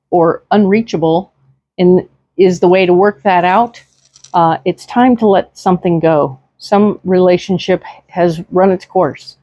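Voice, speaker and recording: A woman's voice: on the low side, warm tone, no room sound, lo-fi sound. A woman giving a casual tarot reading in a chatty, reassuring way, with many fillers and tag questions, speaking into a desk microphone. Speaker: tarot reader.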